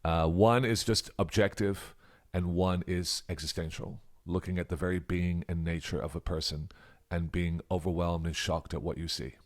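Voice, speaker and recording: Deep-voiced Australian man teaching grammar. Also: steady tone, normal speed. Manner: musing and emphatic, drops to a whisper for example questions. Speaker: English teacher. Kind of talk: reflective grammar lesson.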